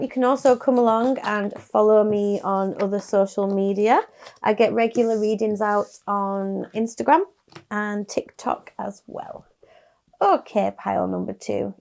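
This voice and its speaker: Gravelly-voiced chatty woman tarot reader. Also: mid-range voice. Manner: chatty, soft-spoken, with little sighs and laughs. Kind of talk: casual tarot reading to camera.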